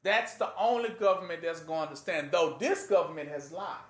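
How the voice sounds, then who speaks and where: A man teaching scripture in a casual sermon, often pausing to ask listeners to fill in the last word. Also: fairly high pitch, fairly bright tone. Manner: rhetorical fill-in-the-blank questions to listeners; conversational, plain-spoken. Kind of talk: informal Bible teaching sermon. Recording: echoey room.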